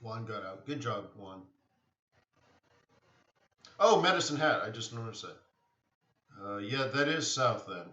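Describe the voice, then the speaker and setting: A man chats loosely with his viewers and often restarts his sentences. His voice sits a little low but comes across bright and forceful. The sound is dull and distant, as if the mic is across an echoing room. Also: normal speed. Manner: rambling, answers chat questions, many restarts. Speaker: live trading stream host. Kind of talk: casual live-stream chat.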